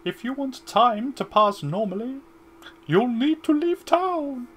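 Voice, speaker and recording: A man voicing a wise old owl guide in a game, with a high, hooting voice. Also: sing-song, takes it slowly, a bit bright, slight background noise, full character voice. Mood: grandly wise.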